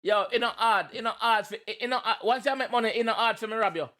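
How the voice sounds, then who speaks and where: A Jamaican man with a high, lifted voice reacts to a track in animated patois. He jokes, shouts and chants, with his energy spilling over. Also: fast talker, faint music behind. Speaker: reaction video host.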